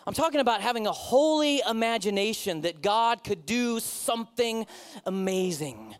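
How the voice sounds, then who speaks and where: A middle-aged man preaching as a pastor, conversational and animated, with joking asides to the congregation. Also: high-pitched, normal speed, clean tone. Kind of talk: sermon.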